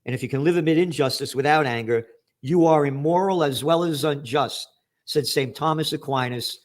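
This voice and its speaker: Brief: middle-aged male commentator, sharp and angry, cursing, higher-pitched, bursts of shouting. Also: normal speed. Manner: profane, angry, shouts for emphasis. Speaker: trends commentator. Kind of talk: ranting news commentary.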